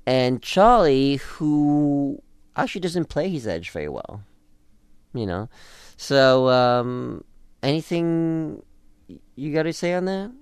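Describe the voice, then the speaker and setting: A man's voice: medium pitch, takes it slowly, smooth, no room sound, clean studio sound. A man co-hosting a casual talk show, animatedly discussing a TV episode and acting out quoted lines. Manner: animated, acts out quoted lines in different voices. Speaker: podcast co-host discussing a TV episode. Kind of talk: casual chat.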